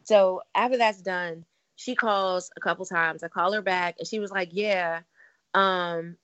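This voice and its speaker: Animated woman telling a story. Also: on the low side, a little slow, muffled recording. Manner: animated storyteller, acts out quoted people. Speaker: podcast co-host. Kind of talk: casual chat.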